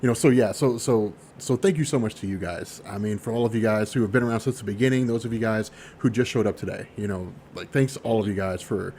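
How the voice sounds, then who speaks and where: A man's voice: lowish voice, quick pace, few pauses, darkish tone, a little hiss or hum. A man co-hosting a podcast, rambling in a casual chat with many fillers. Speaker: podcast co-host.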